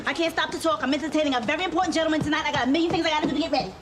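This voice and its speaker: An actress playing a rushed, flustered neighbor. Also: female voice, high-pitched, background noise, lightly acted. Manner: rushed and breathless. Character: flustered, busy woman neighbor. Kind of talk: studio sitcom acting.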